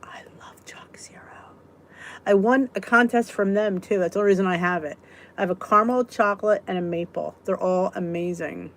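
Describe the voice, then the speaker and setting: A woman's voice: mid-range voice, a little fast, fairly bright tone. Giggly chatty woman hosting a live chat. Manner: giggly, chatty, answers comments as they come. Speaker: weight-loss vlog host. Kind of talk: casual live chat answering viewers.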